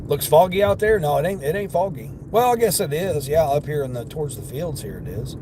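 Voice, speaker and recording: Chatty high-voiced man in a noisy car. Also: animated, brisk. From Midwestern United States. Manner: chatty, laughs often, greets viewers by name. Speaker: delivery driver livestreaming. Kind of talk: casual live-stream chat while driving. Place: inside a car on the road. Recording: road and car noise behind.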